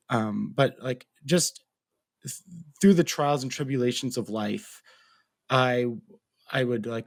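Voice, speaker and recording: A man's voice: medium pitch, dry recording. Earnest young man, dry close sound. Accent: Canadian. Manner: earnest, talkative, many fillers and restarts. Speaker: guest, mental health advocate. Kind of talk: personal storytelling in an interview.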